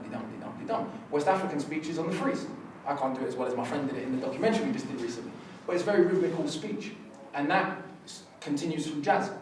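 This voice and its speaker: A man speaks at a press conference in an animated, lecturing way, now and then acting out voices and rhythms. His voice sits a little high. The room is very echoey, the mic is well away from him, and there is a faint hiss. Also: distant mic. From United Kingdom. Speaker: rapper on a festival press panel. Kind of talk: passionate press conference talk.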